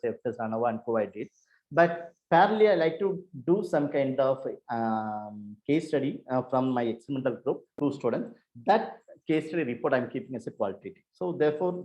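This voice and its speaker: A man giving a university lecture on research methods over a video call. He explains in a halting, repetitive way and often corrects himself. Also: mid-range voice, a little mellow.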